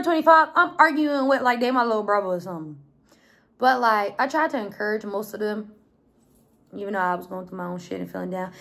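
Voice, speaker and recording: A woman's voice: medium pitch, creaky. A woman in her twenties with an American accent, telling stories in a casual, blunt vlog and swearing freely. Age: 20s. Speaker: vlogger.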